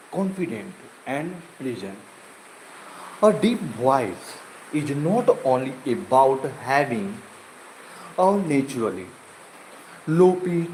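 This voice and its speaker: Slow, halting man practicing a speech. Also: mid-range voice, darkish tone, slight background noise, low-quality recording. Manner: slow, halting delivery with pauses and self-corrections. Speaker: self-improvement vlogger.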